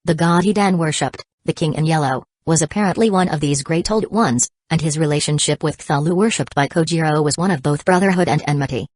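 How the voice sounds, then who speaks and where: A woman narrating an audiobook in an even, steady reading. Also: sits low, brisk, few pauses, dry recording. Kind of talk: scripted narration.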